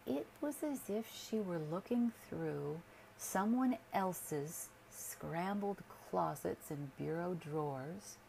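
A woman reading a literary story aloud as a sleep story narrator, in a soothing, measured way. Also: lowish voice, creaky, darkish tone, slight background noise.

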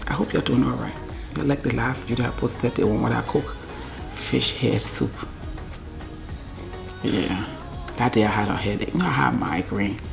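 Low, gravelly Liberian woman rambling to camera. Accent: Liberian English. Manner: rambling, talks to herself, drops to near-whispers. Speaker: vlogger. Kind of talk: casual talk to camera.

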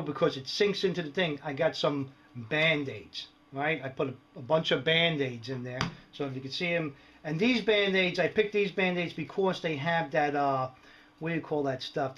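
A man's voice: on the high side, fairly bright tone. A middle-aged man giving a casual, jokey show-and-tell of his gear mods, rambling and often checking in with the viewers. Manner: jokey, rambling, lots of "all right" and "right?". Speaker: prepper vlogger showing gear mods. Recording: dull lo-fi home video sound.

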